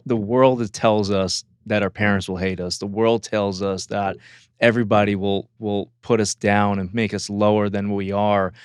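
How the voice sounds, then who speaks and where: Smooth-voiced man hosting a faith show. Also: lowish voice, flat delivery, moderate pace, no echo, studio quality. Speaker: host. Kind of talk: faith talk show interview.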